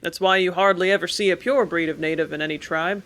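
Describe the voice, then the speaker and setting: A woman reading an audiobook, voicing a blunt old sea-captain father who explains things loudly and begrudgingly. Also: high-pitched, steady tone, fast.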